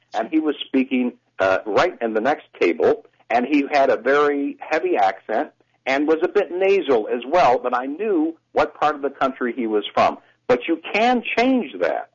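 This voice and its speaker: Guy voice coach on a call-in radio show, husky, lots of up and down, dull phone sound. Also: mid-range voice. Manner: lively, explanatory, teacherly. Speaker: voice coach guest. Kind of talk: radio talk show chat.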